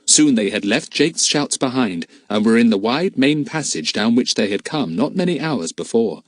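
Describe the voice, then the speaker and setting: Lively male storybook narrator. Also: mid-range voice, normal speed, no echo. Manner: lively, expressive reading. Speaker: audiobook narrator.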